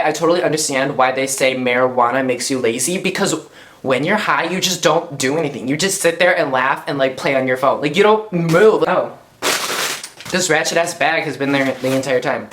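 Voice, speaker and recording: A man's voice: a little high, a bit bright. A young man telling a casual storytime vlog at home, slangy and chatty, packing his talk with "like". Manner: chatty, slangy, heavy on "like" fillers. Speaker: YouTuber.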